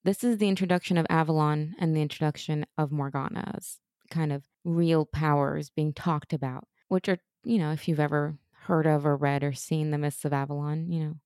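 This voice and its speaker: A woman co-hosting a casual podcast, animated and opinionated, full of quick asides. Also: low voice, no echo, clean studio sound. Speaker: podcast co-host. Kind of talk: casual chat.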